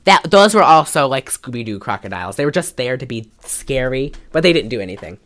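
A woman with a low voice talks through a movie's plot in a casual podcast chat. She tells the story in an animated way and fills it with "like.". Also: brisk. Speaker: podcast co-host. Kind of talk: casual film recap chat.

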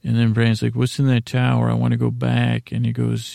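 A man hosting a sleep podcast, giving a meandering, halting episode recap that loosely paraphrases the dialogue. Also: medium pitch, monotone, vocal fry, mellow, dry recording. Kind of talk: rambling episode recap meant for falling asleep.

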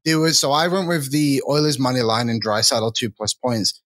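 A man co-hosting a live sports chat show, joking around in relaxed banter with fillers. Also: mid-range voice, moderate pace, dry recording, clean studio sound. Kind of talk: casual live-stream chat.

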